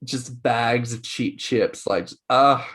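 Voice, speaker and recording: A man co-hosting a podcast, telling stories in a playful, animated way with quick mock voices. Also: medium pitch, slightly rough. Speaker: podcast co-host. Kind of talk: casual chat.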